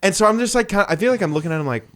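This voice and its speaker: High-voiced and rapid-fire, this young podcast co-host spins casual anecdotes in a chatty storytelling style. He's animated throughout, slipping into the voices of the characters he describes.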